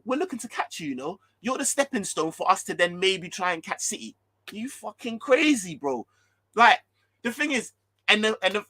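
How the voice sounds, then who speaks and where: A man's voice: high-pitched, no echo. A man, ranting heatedly about football as a fan channel host, swearing and repeating himself. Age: 30s. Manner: animated, swearing, repetitive, ranting.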